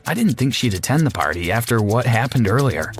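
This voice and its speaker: A man's voice: medium pitch, sing-song, brisk, soft background music. A man narrating a first-person story in an earnest, plain manner.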